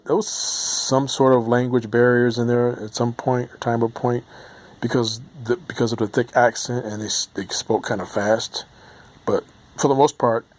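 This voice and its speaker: An American man in his late forties talking casually to camera, rambling and hesitant with many ums and restarts. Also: medium pitch. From United States. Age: 40s. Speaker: vlogger. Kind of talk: casual reminiscing monologue.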